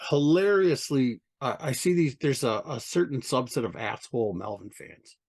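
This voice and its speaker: A man's voice: mid-range voice, lively intonation, moderate pace, creaky, darkish tone. A man giving a casual interview as a record label owner, blunt and profane, with mocking asides. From United States.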